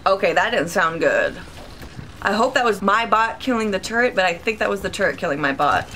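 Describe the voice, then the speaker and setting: Young woman let's-player, chatty and excitable, crisp bright voice, faint background noise. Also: medium pitch, brisk. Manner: chatty and reactive, talks to viewers, sudden yelps. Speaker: gaming YouTuber. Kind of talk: casual let's-play commentary.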